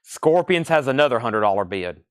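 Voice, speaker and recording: A young man hosting a live record sale stream, briskly calling out titles and prices, repeating them, with chatty asides to viewers. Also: mid-range voice, sing-song, clear, resonant tone, no room sound, studio quality. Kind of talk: live sales patter.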